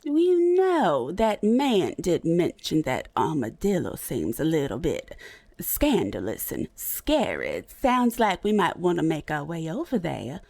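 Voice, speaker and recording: Woman roleplay streamer, low-ish lively voice, folksy and chatty, in-character game banter on a headset mic. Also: measured pace, gravelly. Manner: folksy, chatty, calls others honey and darling, laughs often. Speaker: roleplay streamer playing a saloon hostess type.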